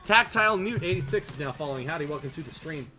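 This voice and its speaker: A man hosting a game tournament stream, his voice sitting a little high and sounding bright and forward. He reads out viewer jokes with easy, self-mocking humor and slides into quick play-by-play, while soft music plays underneath. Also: expressive. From Canada. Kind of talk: casual livestream chat and game commentary.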